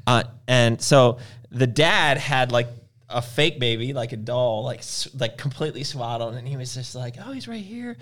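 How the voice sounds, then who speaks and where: A man's voice: medium pitch, steady tone, moderate pace, fairly bright tone. A man in casual conversation, telling long, rambling anecdotes and acting out the people in them. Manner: rambling storyteller, acts out quoted voices. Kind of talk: casual chat.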